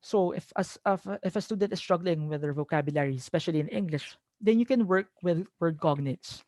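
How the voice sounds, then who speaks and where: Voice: mid-range voice, fairly quick, a little mellow, dry recording. A teacher trainer with a Filipino accent giving an online lecture, explaining patiently, switching between English and Tagalog, and checking in with "okay?".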